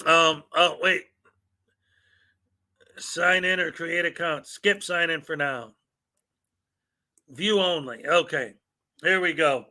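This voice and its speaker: A man's voice: high voice, sharp tone. A man hosting a casual live stream, joking, laughing often and reading mock legal paperwork aloud at his computer.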